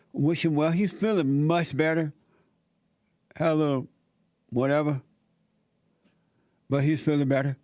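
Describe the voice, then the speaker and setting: A man's voice: mid-range voice, darkish tone, no room sound, studio quality. A man filling in as host of a call-in talk show, reading a news story and giving blunt, opinionated commentary in plainspoken, casual grammar.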